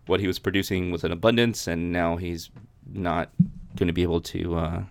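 The host's low voice has vocal fry and little pitch movement, and he moves briskly; the recording is dry. On his podcast he reads Bible verses aloud and discusses them casually, with many restarts.

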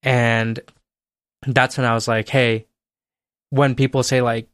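A man's voice: medium pitch, level tone, slow, a bit bright, smooth, no room sound, studio quality. A young man co-hosting a podcast, telling stories in casual chat, laid-back and swearing freely. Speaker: podcast co-host.

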